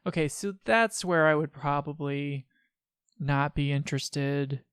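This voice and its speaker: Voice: mid-range voice, a little slow, fairly bright tone, clean tone, no echo, studio quality. A let's play host giving casual commentary, chatty, with frequent laughs and sarcastic asides.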